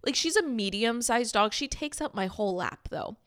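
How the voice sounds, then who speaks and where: A woman's voice: fairly high pitch, normal speed, no echo. Chatty young woman, dry close sound. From Texas. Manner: chatty, laughs often, animated storytelling. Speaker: podcast co-host. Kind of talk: casual chat.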